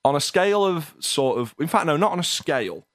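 Man with a deadpan mock-epic delivery. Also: on the high side, a little fast, no room sound, studio quality. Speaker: podcast co-host and narrator. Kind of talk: comic scripted narration and banter.

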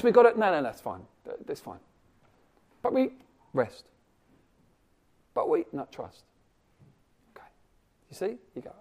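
A man preaching a sermon, animated, swinging from loud emphasis to hushed asides. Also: mid-range voice.

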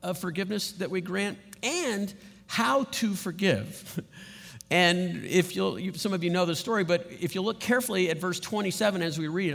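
A man's voice: sits high, gravelly, a bit bright. A man preaching a sermon as pastor in a conversational way, often checking in with his listeners. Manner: conversational, asks "right?" often. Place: church sanctuary. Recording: long hall reverb.

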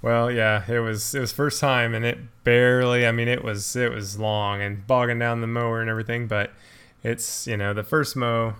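A young man hosting a podcast, reading a brisk intro and then chatting casually. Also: medium pitch, little pitch movement, fairly bright tone, smooth. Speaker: podcast host. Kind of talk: casual chat.

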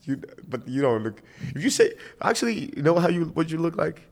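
A young man hosting a podcast, chatting in an animated, joking way and teasing his guest. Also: fairly high pitch, a little fast, vocal fry. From Greece. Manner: animated, jokey, playful teasing. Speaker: podcast host. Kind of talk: casual conversation.

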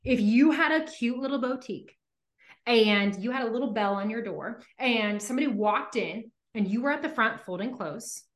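A woman hosting a podcast in casual chat. She talks in a chatty way, uses lots of filler "like"s and acts out quick examples. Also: fairly high pitch. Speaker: podcast host. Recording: roomy echo.

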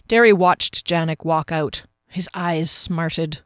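Lowish-voiced woman reading her story. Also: steady tone, slow pace, fairly bright tone, clear, resonant tone, no room sound, clean studio sound. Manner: chatty and amused, laughs easily. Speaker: author and podcast narrator. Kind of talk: casual chat then storybook reading.

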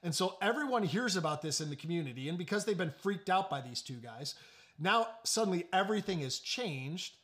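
A male pastor preaching a sermon, animated, with joking asides and sudden drops to hushed, slow emphasis. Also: high voice.

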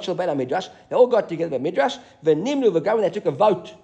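A man teaching a live Talmud class, reading Aramaic passages and explaining them in English with animated asides. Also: high voice, fast talker, vocal fry, hardly any pauses.

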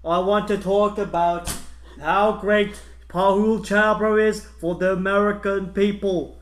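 A man's voice: high-pitched, flat delivery, unhurried. A man doing a clumsy impression of a president giving a speech. He hesitates and slips back into his own voice. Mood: mock solemn.

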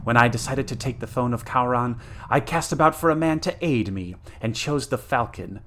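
A man's voice: mid-range voice, moderate pace, fairly bright tone, slight background noise, close to an everyday voice. A man voicing a cruel, scheming young witch princess in a dramatic story reading, with a gloating, mocking delivery.

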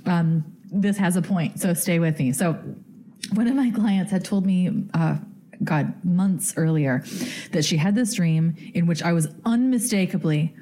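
A woman's voice: on the low side, a little slow, dark tone. A woman hosting a podcast, telling a story in a giddy, chatty way full of fillers. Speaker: podcast host.

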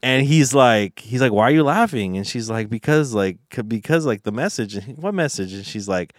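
A man's voice: mid-range voice, lively intonation, a little fast, dry recording, studio quality. A young man hosting a casual podcast, retelling a story in a rambling way with lots of fillers and swearing. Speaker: podcast host.

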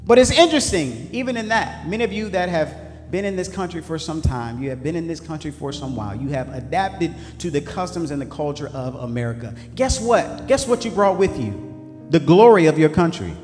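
Male preacher, high lively voice, shouting then dropping low, echoey church hall, soft music behind. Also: fairly quick. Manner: call-and-response preaching, swings between shouts and low asides. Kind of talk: sermon. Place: church sanctuary.

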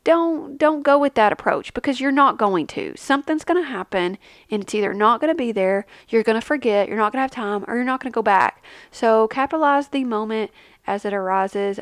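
A woman in her thirties talks casually through a family vlog, chatty and animated, with a mid-range voice. She leaps up in pitch when she acts out what others said. The sound is dry and close, with no room around it. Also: no echo. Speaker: family travel vlogger, mother. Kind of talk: casual vlog chat with tips.

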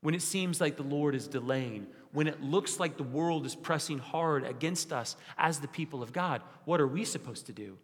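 A young man preaching a sermon as pastor, asking the congregation rhetorical questions and dropping his voice low and quiet for emphasis. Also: normal speed, few pauses. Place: church sanctuary. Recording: long hall reverb.

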